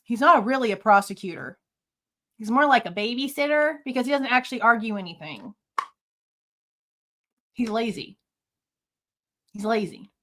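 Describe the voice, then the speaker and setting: A woman's voice: a little high, expressive, fairly quick, a bit bright. A woman hosting a true crime reaction, talking bluntly and scornfully. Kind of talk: heated commentary over clips.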